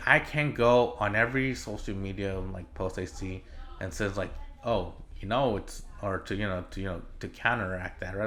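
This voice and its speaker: A man's voice: fairly low pitch, sharp tone. A man hosting his own solo podcast, ranting in an exasperated, casual way with lots of swearing and filler words. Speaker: podcast host.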